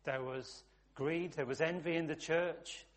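Fairly high-voiced man preaching a sermon. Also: fairly even intonation, unhurried. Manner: conversational, builds lists with emphatic repetition.

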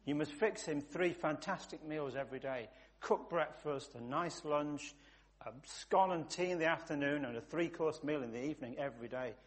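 A grave male consultant lays out his orders one after another, solemn and insistent, as a man telling a joke puts him on. His voice sits a little high for a man. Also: moderate pace, lightly acted. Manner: solemn, insistent, repeats instructions.

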